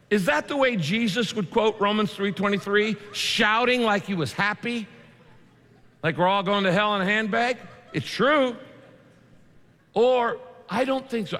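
A man preaching a sermon in a conversational way, with vivid asides and quick shifts in delivery. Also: high-pitched, a bit bright. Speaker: pastor. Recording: long hall reverb.

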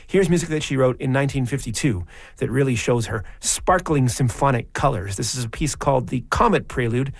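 Measured male radio music host. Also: medium pitch, expressive, creaky, no echo, clean studio sound. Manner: measured, conversational storytelling. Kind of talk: scripted radio presenting. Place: radio studio. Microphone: studio microphone.

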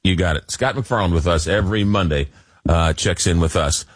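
A man's voice: deep voice, fairly quick, dry recording. A man hosting a radio talk show, joking and emphatic, often repeating words as he gets going. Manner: jokey, emphatic, repeats words when excited. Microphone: studio microphone.

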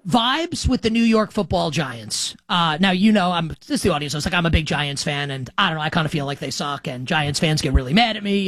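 A man's voice: high voice, fairly quick, few pauses, fairly bright tone, no echo. A man hosting a sports talk show, chatting casually and restarting his sentences often. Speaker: sports podcast host. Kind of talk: casual chat.

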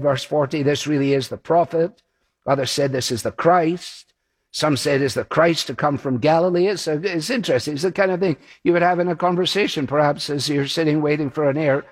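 A man preaching a sermon, walking through a Bible passage in a conversational way and acting out the quoted voices. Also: mid-range voice.

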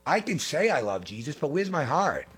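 A middle-aged man preaching a fervent sermon, repeating phrases and swinging between loud and hushed. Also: a little high, sing-song, moderate pace, breathy edge. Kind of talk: impassioned sermon.

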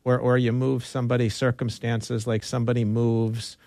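A man's voice: medium pitch, level tone, moderate pace, warm tone, no room sound, clean studio sound. A man hosting a casual health conversation, joking and thinking aloud with restarts. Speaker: host. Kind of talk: casual interview chat.

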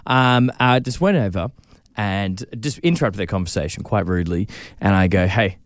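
Lively male radio co-host, dry booth, storytelling banter. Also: fairly low pitch, normal speed, no echo. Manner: storytelling, animated, acts out quotes.

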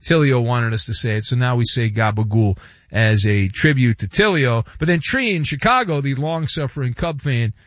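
A man's voice: medium pitch, expressive, normal speed, dry recording, lo-fi sound. A man hosting a radio show, talking in a theatrical, playful way and reading live ads. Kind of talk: bombastic talk radio with live ad reads.

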